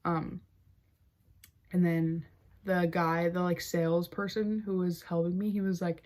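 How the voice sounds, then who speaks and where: A young woman with a slightly low-pitched voice tells a story on her podcast in a relaxed, chatty flow. Filler words pile up between her wry asides, and she keeps an amused storytelling tone throughout. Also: unhurried, pauses often. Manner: chatty, heavy use of "like" fillers. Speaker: podcast host. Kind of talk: casual storytelling chat.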